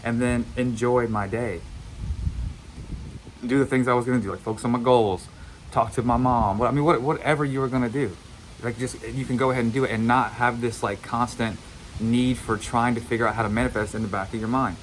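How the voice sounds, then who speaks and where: A man's voice: mid-range voice, steady tone, brisk, slight background noise, poor audio. A man giving a casual motivational monologue as a manifestation coach, blunt and repetitive, swearing now and then.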